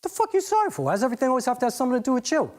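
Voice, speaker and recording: A man's voice: sits high, big pitch swings, fast, mellow, husky, full character voice. A man playing a blunt, teasing young man who curses freely and pushes for answers. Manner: blunt and cursing.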